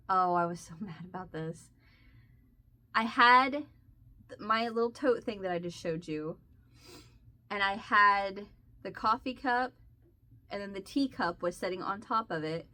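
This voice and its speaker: A woman with a bright, forceful voice tells a story in casual vlog chat. She rambles along in an animated way, circling back and starting sentences over. Her voice sits at an ordinary middle pitch. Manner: rambling and animated, with restarts and laughs. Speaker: crochet vlogger.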